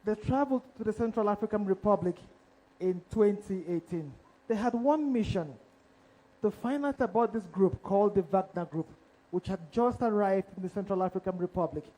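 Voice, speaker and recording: A man with a high-pitched voice and a warm, mellow timbre tells his story live on stage. He speaks as an investigative journalist, dramatic and direct, often putting questions straight to the audience. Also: normal speed, rough recording.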